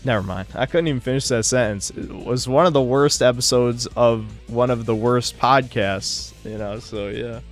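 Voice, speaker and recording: A man hosting a podcast in casual chat, with a monotone voice and a crude, offhand way of talking that trails off. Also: mid-range voice, normal speed, hardly any pauses, soft background music. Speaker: podcast host and streamer. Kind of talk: casual chat, reading viewer donations.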